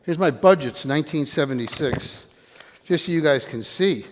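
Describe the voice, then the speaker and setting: An older man giving an energetic live motivational talk, quizzing and calling out to his audience in a room. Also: a little high, moderate pace. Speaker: motivational speaker. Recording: long hall reverb.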